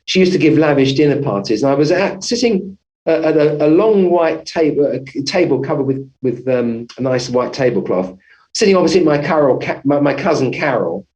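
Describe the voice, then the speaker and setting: A man's voice: fairly high pitch, animated, a little fast, darkish tone, low-quality recording. A man, a family physician, telling his story as an interview guest, rambling with many restarts and self-corrections.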